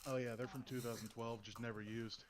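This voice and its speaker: Deadpan man joking over a stream. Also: medium pitch, fairly quick, crowd noise. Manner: deadpan, mock-dramatic joking. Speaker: remote podcast guest. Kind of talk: casual livestream podcast chat.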